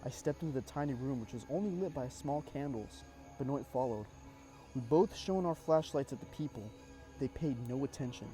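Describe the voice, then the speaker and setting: A man narrating a first-person horror story in a measured, suspenseful way, dropping casual asides. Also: medium pitch, warm tone, faint music behind.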